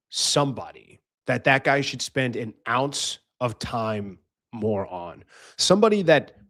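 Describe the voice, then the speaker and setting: A man's voice: mid-range voice, fairly bright tone, dry recording, clean studio sound. A young man hosting a podcast, giving life advice in a blunt casual monologue, swearing freely and acting out voices. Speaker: podcast host.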